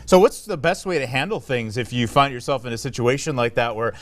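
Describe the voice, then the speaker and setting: A man hosting a TV talk show who interviews a guest in a friendly, smooth way. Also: medium pitch, a little fast, a bit bright.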